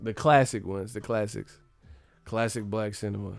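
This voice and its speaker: A man's voice: lowish voice, moderate pace, creaky, no echo, soft background music. Laughing, slangy man on a livestream. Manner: animated, laughs often, slangy and profane. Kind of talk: casual livestream chat.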